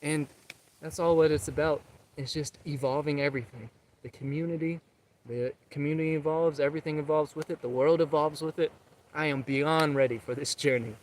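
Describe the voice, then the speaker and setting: A man's voice: on the high side, fairly even intonation, brisk, slight background noise. A young man vlogging outdoors, talking about his recovery and encouraging viewers in an earnest, rambling way. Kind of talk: casual motivational talk. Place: outdoors, public area.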